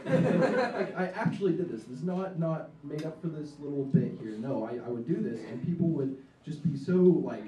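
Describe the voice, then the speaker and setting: A man's voice: a little high, lively intonation, fairly quick, hardly any pauses, warm tone, distant mic. A young man doing a live stand-up set in a diner, rambling and self-mocking with many ums. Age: young adult. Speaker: stand-up comedian. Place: diner in front of an audience. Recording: echoey room, mic from afar, faint noise.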